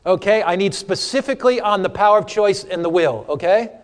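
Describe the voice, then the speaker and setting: A man teaching an interactive sermon to a church audience, humorous and animated, quizzing listeners for Bible verses. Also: high voice, brisk, long reverb tail. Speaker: preacher teaching a seminar. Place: church or hall before a live audience.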